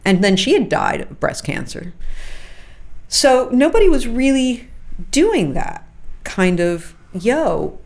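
A middle-aged woman, a fashion journalist being interviewed, telling lively anecdotes with frequent asides. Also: medium pitch, takes it slowly, creaky. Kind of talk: conversational interview storytelling.

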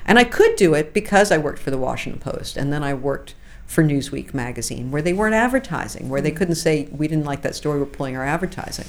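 A middle-aged woman, a fashion journalist being interviewed, telling lively anecdotes with frequent asides. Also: sits low, quick pace, hardly any pauses. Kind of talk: conversational interview storytelling.

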